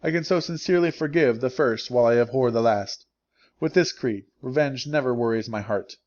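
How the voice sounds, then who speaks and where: A man reading the part of a gentle, pious young schoolgirl, speaking in a measured, earnest way. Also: medium pitch, highs cut off, lightly acted. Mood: calm earnest.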